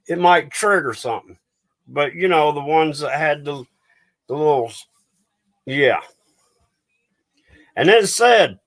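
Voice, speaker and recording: A man's voice: on the high side, a bit bright. A man hosting a livestream and ranting angrily, swearing and getting agitated as he talks to his viewers. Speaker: livestream host.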